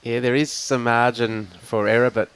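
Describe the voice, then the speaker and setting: Gravelly measured bowls commentator. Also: male voice, mid-range voice, flat delivery, a bit bright, slight background noise, rough recording. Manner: measured shot-by-shot calls, weighing each player's options. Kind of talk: live sports commentary. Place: bowls club.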